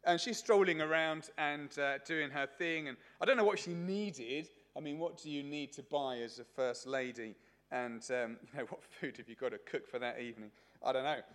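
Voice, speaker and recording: A man's voice: mid-range voice, moderate pace, fairly bright tone. A man preaching a sermon at a church service, telling a story in a chatty way with many fillers.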